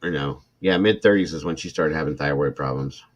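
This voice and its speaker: Deep-voiced irritated livestream host, a man. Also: brisk. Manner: emotional, irritated, talks to chat viewers by name. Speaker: true crime livestream host. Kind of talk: casual livestream commentary reading a report.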